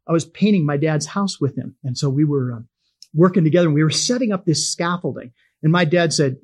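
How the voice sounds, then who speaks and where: A man's voice: on the high side, animated, fast, darkish tone, slightly rough. A middle-aged man teaching from the Bible in a homespun, conversational way, telling personal stories and chuckling as he goes.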